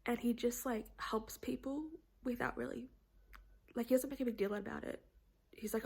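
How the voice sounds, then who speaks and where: A woman's voice: fairly high pitch, normal speed, vocal fry, darkish tone, slightly rough. A young woman vlogging in a rambling, chatty way with laughs, teary and close to crying. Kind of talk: casual chatty vlog.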